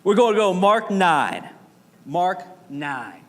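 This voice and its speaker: Animated male pastor preaching in a hall. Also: high voice, slow. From Arizona. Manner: animated, dramatic storytelling with playful asides. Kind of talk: sermon. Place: church sanctuary. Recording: reverberant hall with faint noise.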